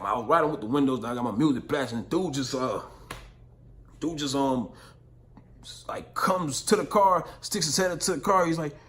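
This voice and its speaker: A young man vlogging, telling a story in casual slang, full of profanity and "you know what I'm saying". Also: mid-range voice.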